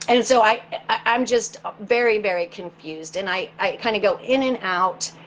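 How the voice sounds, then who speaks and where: A woman guest in an interview, telling a personal story in an earnest, halting way and often repeating words as she searches for them. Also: medium pitch, slight background noise, low-quality recording.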